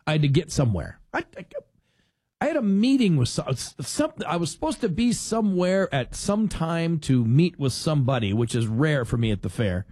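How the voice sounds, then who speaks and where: A man's voice: fairly high pitch, moderate pace, slightly rough, dry recording. Chatty man with a dry close voice. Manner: animated storyteller who acts out quotes; rambling with restarts. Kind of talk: casual chatty monologue.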